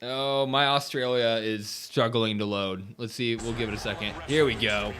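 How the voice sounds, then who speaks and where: A man's voice: mid-range voice, fairly even intonation, normal speed, a bit bright, smooth. Chatty man hosting a wrestling live stream. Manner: chatty, reads viewer comments aloud, grumbles about tech. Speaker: livestream host. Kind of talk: casual live-stream chat.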